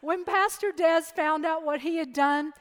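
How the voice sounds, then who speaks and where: A middle-aged woman preacher giving a sermon and telling a personal story in a lively, chatty way. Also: extremely high pitch, measured pace. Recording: long hall reverb.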